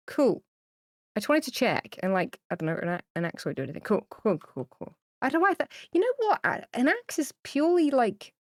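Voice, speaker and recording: A woman's voice: mid-range voice, dry recording. Chatty woman streamer with a dry close sound. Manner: rambling and chatty, many fillers and restarts; gushing and tearful over cute pets. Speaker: game streamer. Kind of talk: casual livestream chat to viewers. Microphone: streaming mic, camera off.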